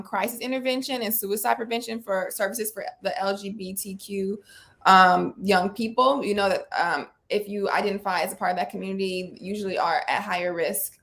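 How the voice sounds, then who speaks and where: A woman's voice: mid-range voice, gravelly. Chatty woman hosting a casual talk show. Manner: chatty and animated, with slang and quick asides. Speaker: co-host of a weekly live talk show. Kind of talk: casual chat.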